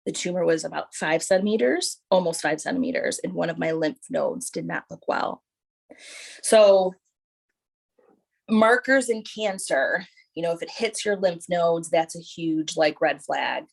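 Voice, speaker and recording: A woman with a slightly low, gravelly voice tells her own story as a guest. She talks in lively bursts full of "like" and "right?", and she acts out the voices of the people in it. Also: measured pace. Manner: animated storytelling, acting out quoted voices; frequent fillers like "like" and "right?". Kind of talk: personal testimony.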